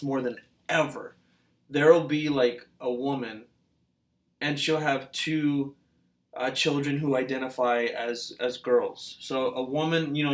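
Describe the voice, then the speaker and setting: A man's voice: mid-range voice, fairly bright tone. Rambling man on a casual vlog. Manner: hesitant, full of fillers and restarts; musing, questioning. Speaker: reaction video host.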